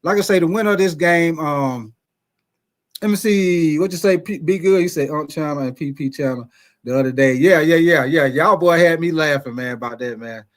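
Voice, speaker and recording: Man, chatty livestream host, slightly high voice. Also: moderate pace. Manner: chatty, laid-back, speaks to the chat. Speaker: sports show host. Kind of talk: casual livestream commentary.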